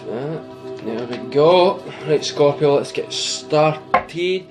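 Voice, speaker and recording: A man's voice: medium pitch, measured pace. A man with a Scottish accent giving a casual, rambling tarot reading to camera, teasing his viewers and laughing at himself. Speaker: tarot reader. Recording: music playing behind.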